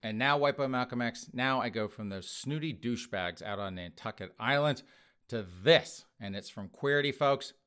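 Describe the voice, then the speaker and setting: A man's voice: medium pitch, normal speed, fairly bright tone, clear, resonant tone. Sarcastic, mocking male commentary host. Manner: sarcastic, mocking, frequent scoffing laughs. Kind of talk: opinionated news commentary.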